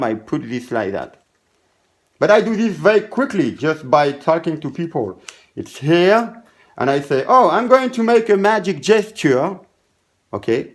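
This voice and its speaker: Animated man explaining a card trick. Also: medium pitch. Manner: demonstrates step by step, acts out patter to spectators. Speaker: magician teaching a card trick. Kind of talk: casual tutorial explanation. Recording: echoey room.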